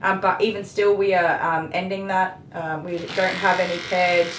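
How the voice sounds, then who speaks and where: On a live stream, a female dog groomer talks casually as she grooms, her voice lowish with little change in pitch and a moderate pace. She gets worked up and rants, swearing mildly, while electric clippers hum and the room echoes.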